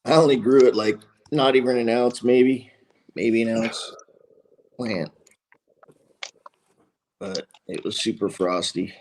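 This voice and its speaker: A man's voice: medium pitch, slow pace, pauses often, darkish tone, a little hiss or hum. A man, a guest grower, chatting casually and easygoing about his plants. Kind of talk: casual chat.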